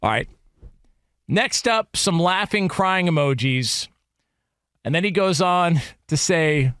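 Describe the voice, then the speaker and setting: A man co-hosting a casual sports talk radio show, animated and emphatic as he reads quotes aloud. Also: a little high, takes it slowly, pauses often, smooth, no echo, studio quality.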